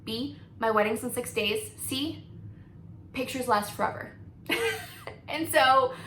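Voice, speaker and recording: A woman's voice: a little high, takes it slowly, a bit bright. A woman in her thirties, a beauty vlogger chatting through a story while doing her makeup, laughing often and peppering her talk with likes and ums. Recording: echoey room with faint noise.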